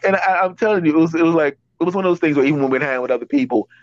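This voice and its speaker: A man in his fifties hosts a casual podcast, telling rambling stories with many restarts in a slightly high voice at a very fast clip. There's no echo, and the highs are cut off.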